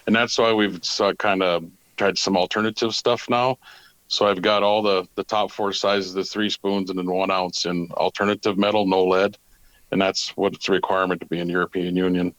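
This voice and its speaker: A man's voice: on the low side, a bit bright, no room sound, lo-fi sound. A man who owns a tackle company, answering interview questions in a plain, matter-of-fact way.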